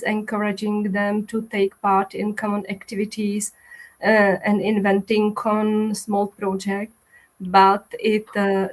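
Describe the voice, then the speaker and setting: Slow, flat-voiced woman with a cough. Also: mid-range voice. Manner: slow, careful presenting with hesitations. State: sick, weak voice with a cough. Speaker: association representative. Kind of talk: webinar presentation.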